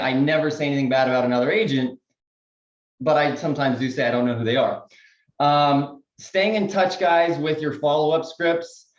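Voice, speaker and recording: A man, a real estate agent on a panel, giving casual sales tips and acting out phone calls in quick voices. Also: a little high, echoey room, lo-fi sound.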